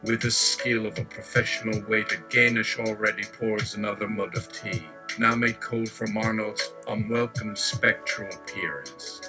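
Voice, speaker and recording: A man's voice: on the low side, fairly even intonation, moderate pace, hardly any pauses, rough recording. Man reading an absurd story over music. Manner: wry, with asides to the audience. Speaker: storyteller host. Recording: music playing behind.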